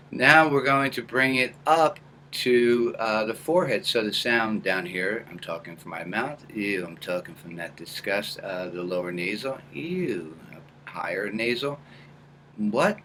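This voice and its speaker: A man teaching a lesson, calmly guiding and demonstrating small hums and nasal sounds as examples. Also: lowish voice, measured pace, a little hiss or hum. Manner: demonstrates hums and small vocal sounds between calm guidance. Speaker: acting coach. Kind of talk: instructional tutorial.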